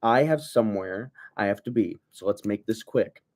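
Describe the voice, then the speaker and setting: A man's voice: lowish voice, normal speed, darkish tone, lightly acted. Man reading a curt, bossy middle-aged woman in a storybook, his own voice.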